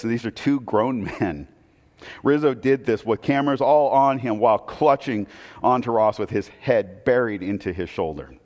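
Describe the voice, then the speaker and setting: A man preaching a sermon, telling a story that swings between loud excitement and hushed, intense moments. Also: mid-range voice. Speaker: pastor. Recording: long hall reverb.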